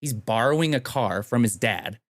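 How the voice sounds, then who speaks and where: A man's voice: medium pitch, animated, no room sound. A young man casually telling a long anecdote, acting out what people said along the way. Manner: laid-back, drawn-out anecdotes acting out quotes. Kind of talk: casual storytelling.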